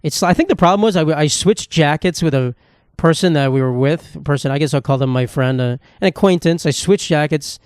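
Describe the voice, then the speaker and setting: A man talks alone on his podcast with a smooth, slightly high voice, rambling and swearing as he mocks himself. He records on a phone in a dry space with no room echo. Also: a little fast, few pauses, a little mellow. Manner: rambling, profane, self-mocking storytelling. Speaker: podcast host. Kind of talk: casual solo monologue.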